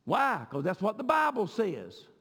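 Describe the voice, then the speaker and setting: A man's voice: high-pitched, huge pitch swings, unhurried, a bit bright, breathy edge. A man pastor, preaching a sermon with passion and often repeating words as he goes. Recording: long hall reverb.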